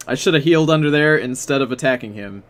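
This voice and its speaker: A man commenting on his own game session, sarcastic and quick to swear when he loses. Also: mid-range voice, noisy background. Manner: swearing, sarcastic, easily frustrated. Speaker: gaming channel host. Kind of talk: let's play commentary.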